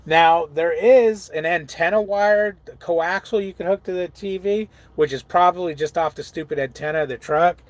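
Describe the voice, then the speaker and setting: A man's voice: high voice, moderate pace, hardly any pauses. A middle-aged man, a truck driver, chatting casually on a live stream, reading viewer comments aloud, laughing often and riffing on them.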